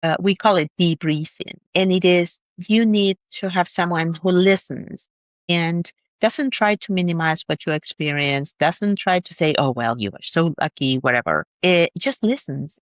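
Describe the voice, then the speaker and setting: Middle-aged woman, low voice, calm measured talk, slightly dull audio. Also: no echo. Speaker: doctor guest. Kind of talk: interview conversation.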